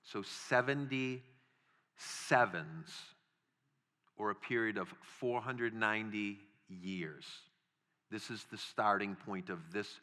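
A man's voice: lowish voice, takes it slowly, sharp tone. A middle-aged man preaching a sermon in a conversational way, acting out small quoted exchanges as he teaches. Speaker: pastor.

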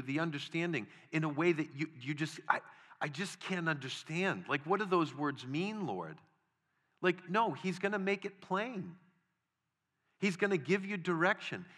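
A middle-aged man delivers a sermon with a bright, forceful tone, his voice sitting a little high. He preaches conversationally, slipping into brief acted-out quotes of what people might say before returning to his teaching. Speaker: pastor.

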